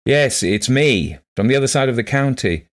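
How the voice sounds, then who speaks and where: A courteous, lightly wry English motorist, read by a man with a deep voice. His tone is gravelly and low throughout. He sounds polite and curious. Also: animated, a little fast, a little mellow.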